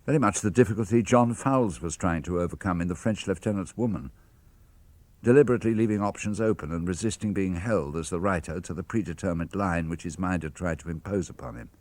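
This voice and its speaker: An older man with a British accent reading a father's letters aloud for radio, measured and expressive. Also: deep voice, dry recording. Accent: British English. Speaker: reader of letters.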